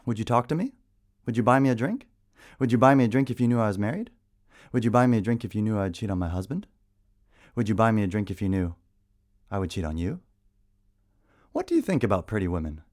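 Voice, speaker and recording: Man performing a lively spoken-word poem. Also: quick pace, long pauses. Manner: relentless string of rhetorical questions, dramatic swings in pitch.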